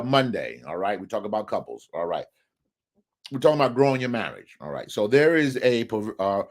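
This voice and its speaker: A man hosting a live relationship show, talking emphatically and often asking the viewers questions. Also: mid-range voice. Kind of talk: live talk on marriage, preacher-like.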